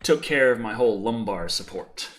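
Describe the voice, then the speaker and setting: A man hosting a livestream, chatting casually and rambling with animated, laughing asides. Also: lowish voice, normal speed. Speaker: livestream host.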